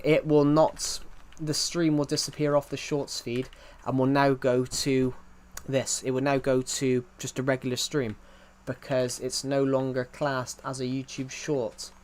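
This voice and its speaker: A young man chatting casually on a gaming livestream, rambling and correcting himself while answering chat. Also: mid-range voice.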